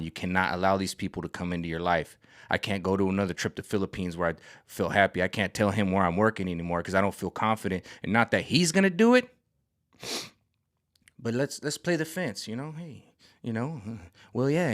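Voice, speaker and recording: Rambling, excitable man with a low voice. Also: quick pace. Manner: rambling and excitable, with many restarts and stammers. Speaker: vlogger. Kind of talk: casual spiritual rant to camera.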